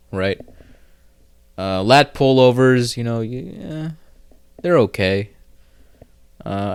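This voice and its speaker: A man hosting his own podcast, talking in a slow, unhurried drawl with a lowish, smooth and clear voice. He rambles through a casual monologue, swears freely and fills his sentences with "uh" and restarts. The sound is close and dry, like a small room with no echo. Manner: rambling, profane storytelling with many fillers. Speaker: podcast host.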